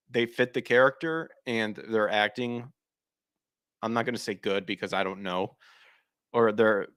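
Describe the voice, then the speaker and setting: A man's voice: medium pitch, a bit bright, no room sound, studio quality. A man hosting a podcast, ranting casually and bluntly, swearing often and restarting sentences as he goes. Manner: blunt, frequently swearing, emphatic; restarts and trails off mid-sentence. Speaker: podcast host. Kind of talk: casual opinion rant.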